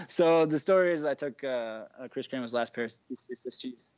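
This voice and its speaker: A man guest juggler from the United States, chatting on a podcast as an animated storyteller who acts out the quotes. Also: medium pitch, unhurried, clear, resonant tone, no room sound. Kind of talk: casual podcast chat. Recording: dull, dry lo-fi sound.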